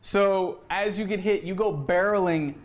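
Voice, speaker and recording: A man's voice: sits high, measured pace. Laughing male game master narrating. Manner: easygoing, laughs often, stumbles and restarts.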